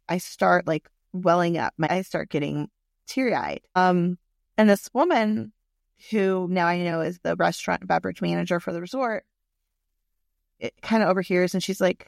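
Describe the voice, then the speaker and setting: A woman with a gravelly, fry-tinged voice tells a personal story in a relaxed, candid way. She is animated and swears freely. The recording is dry and close, with no room echo. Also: fairly low pitch.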